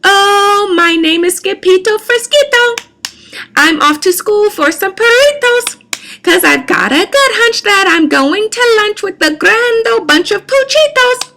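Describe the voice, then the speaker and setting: A woman voicing an excitable young male Siamese kitten for a storybook, high and squealing. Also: a little slow, hardly any pauses, exaggerated voice. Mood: excited.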